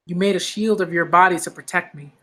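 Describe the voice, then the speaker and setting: A man's voice: sits high, steady tone, a little fast, a bit bright. A man reading a stern female commander. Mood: commanding.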